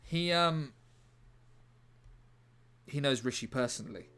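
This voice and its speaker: With faint music behind him, a man slowly talks through writing a script on a live stream, joking, rambling and reading chat aloud. His mid-range voice sounds pushed and bright yet clean.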